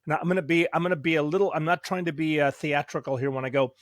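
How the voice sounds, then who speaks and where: A man's voice: a little high, steady tone, fast, hardly any pauses, dry recording, studio quality. A middle-aged man hosting a conversational discussion as a psychologist, who digresses and pushes back on his guest. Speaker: host, psychologist.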